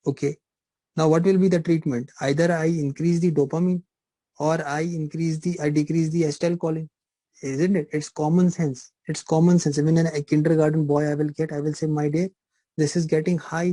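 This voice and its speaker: Dry-voiced lecturing man, flat and mellow. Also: on the high side, dry recording, low-quality recording. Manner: repetitive, asks rhetorical questions, teasing. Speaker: pharmacology lecturer. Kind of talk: live online lecture.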